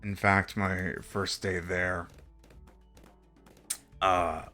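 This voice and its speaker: A man's voice: deep voice, flat delivery, very slow, bright, forceful tone, soft background music. A young man from Texas streaming a game, telling a rambling story with lots of fillers and casual swearing. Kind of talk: casual chat while gaming.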